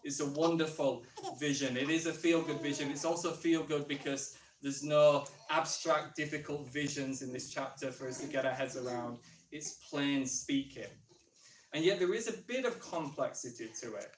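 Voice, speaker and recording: A man with a Northern English accent preaches in a conversational way, thinking aloud and asking questions. His fairly high voice sits away from the microphone and rings around an echoey church room, with a faint hiss behind it. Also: moderate pace, far from the mic. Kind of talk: sermon.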